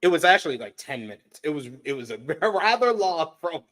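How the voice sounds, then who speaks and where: A man co-hosting a wrestling review, recapping events calmly, defending his opinions and reading out chat comments. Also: fairly high pitch, fairly quick. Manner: calm, defends his view, laughs, reads chat comments. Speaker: co-host. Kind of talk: casual podcast recap.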